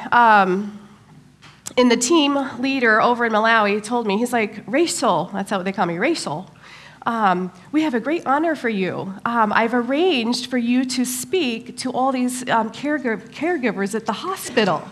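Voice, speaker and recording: A middle-aged woman giving a church talk, telling a personal story in an animated way, with many pauses and fillers. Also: fairly high pitch. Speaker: church speaker.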